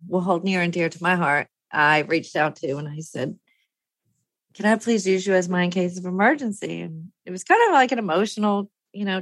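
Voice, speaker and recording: A woman's voice: on the low side, fairly bright tone, dry recording. Candid, rambling woman in her fifties. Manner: rambling and heartfelt, laughs often, trails off and restarts. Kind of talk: candid personal monologue.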